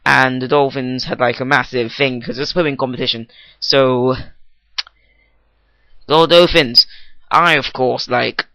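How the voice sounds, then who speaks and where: A teenage vlogger checks out his new microphone by riffing a comic, rambling rant, regularly cutting himself short. His medium-pitched voice stays steady at a moderate pace, creaky yet pushed and bright, with no echo.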